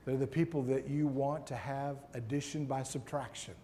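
A man giving a sermon as a guest preacher, reading scripture and speaking with slow, emphatic pauses in a large hall. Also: medium pitch, steady tone, dark tone, a little hiss or hum. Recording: long hall reverb.

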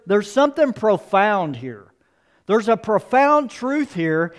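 High, clear-voiced man preaching. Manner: emphatic, repeats key phrases, rising for emphasis. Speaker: pastor. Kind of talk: sermon.

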